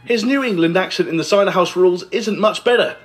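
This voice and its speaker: A list video narrator with a high, fast voice reads a scripted movie countdown in a sarcastic, mocking way, with faint music behind him.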